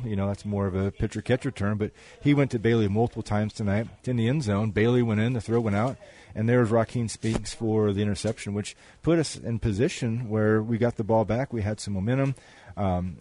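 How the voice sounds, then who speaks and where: A man's voice: fairly low pitch, warm tone. A man giving color commentary on a postgame football radio show, rambling with many restarts. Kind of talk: postgame radio sports talk.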